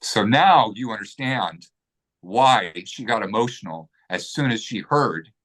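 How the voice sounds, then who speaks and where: A man's voice: fairly low pitch, expressive, measured pace, a bit bright. A man telling a personal story in a casual interview, getting emotional, swearing freely and acting out what people said.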